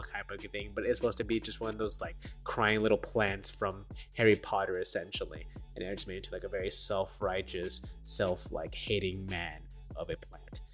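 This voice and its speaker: A man's voice: lowish voice, fast, few pauses, soft background music. Rambling, self-deprecating young man. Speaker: dungeon master. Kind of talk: casual talk to camera. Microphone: desk microphone.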